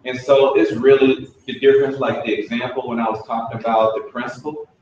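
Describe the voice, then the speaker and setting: A man's voice: medium pitch, little pitch movement, fairly quick, darkish tone, slight background noise. A man leading a staff training session, explaining in a conversational, anecdotal way. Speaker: workshop trainer. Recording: echoey room from a far mic, dull sound.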